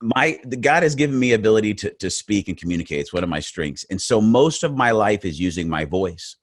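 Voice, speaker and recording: Deep-voiced earnest male webinar speaker. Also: expressive, a little fast, no room sound. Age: middle-aged. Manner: earnest, repeats words while building points. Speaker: motivational speaker. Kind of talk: faith-based webinar talk.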